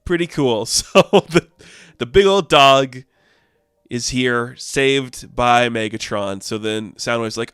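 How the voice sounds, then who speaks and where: A man casually reviewing a comic book, chatty and excitable, with lots of fillers. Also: medium pitch, takes it slowly, clear, resonant tone, no echo, clean studio sound.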